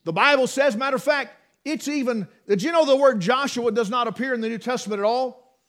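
A man's voice: very high-pitched, fairly quick, fairly bright tone. A man preaching a sermon, emphatic, with restarts and rhetorical questions to the congregation.

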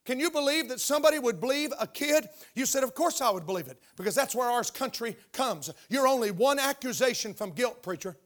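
An older male pastor preaching to his congregation in church. He speaks in a fairly high voice and keeps throwing questions out to the room, stressing his points. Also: expressive, fairly quick, hardly any pauses, fairly bright tone. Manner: emphatic, call-and-response questions to the congregation. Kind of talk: sermon. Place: church sanctuary.

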